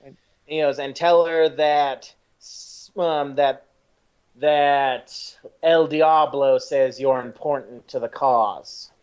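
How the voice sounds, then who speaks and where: A man voicing a shady male crime boss in a tabletop role-play, speaking slowly and hesitantly as if on a phone call. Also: mid-range voice, fairly even intonation, darkish tone, clean tone, lightly acted. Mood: guarded. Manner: slow, guarded, hesitant phone talk.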